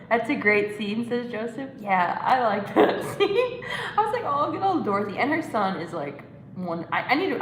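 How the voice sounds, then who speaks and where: A woman's voice: mid-range voice, a bit bright, a little hiss or hum. Giggly woman in an echoey room. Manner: giggly, rambling, reads chat comments aloud. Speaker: live stream host reading chat. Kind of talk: casual watch-along chat.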